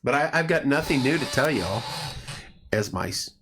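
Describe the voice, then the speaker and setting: A man's voice: medium pitch, animated, moderate pace, noisy background. A man hosting a casual home livestream, rambling through stories and greeting viewers by name. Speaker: livestream host. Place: home room at night.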